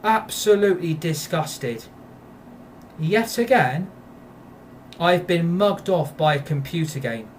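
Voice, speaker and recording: Man, gaming YouTuber, furious repetitive rant, raised pitch. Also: expressive, slow, pauses often, a little hiss or hum. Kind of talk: angry gameplay rant.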